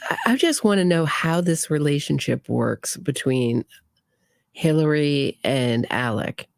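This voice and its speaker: A woman's voice: deep voice, expressive, measured pace, gravelly, dry recording, studio quality. A woman hosting a true crime commentary, talking casually and sarcastically with frequent restarts. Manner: opinionated, sarcastic, trailing restarts.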